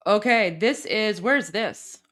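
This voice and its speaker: A woman co-hosting a livestream, commenting on crowd videos with excited, exclamatory reactions. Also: mid-range voice, a little slow. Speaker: livestream co-host.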